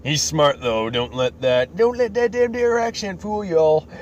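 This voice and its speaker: A man's voice: a little high, expressive, unhurried. A man hosting a podcast, recapping a story casually with rambling, self-correcting asides, on a slightly dull recording with faint noise. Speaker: podcast host.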